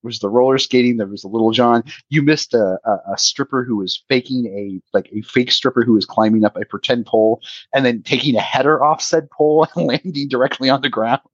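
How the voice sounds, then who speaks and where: A man's voice: medium pitch, a little fast, slightly rough, dry recording, muffled recording. A man hosting a podcast in casual chat, telling stories in a chatty way and often laughing. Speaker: podcast host.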